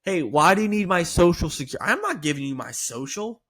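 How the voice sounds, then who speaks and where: A man's voice: on the high side, big pitch swings, fast talker, a bit bright, slightly rough, voice pushed up, exaggerated voice. A man acting out an irritated male insurance prospect who snaps suspicious questions at a sales agent. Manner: indignant, snapping questions.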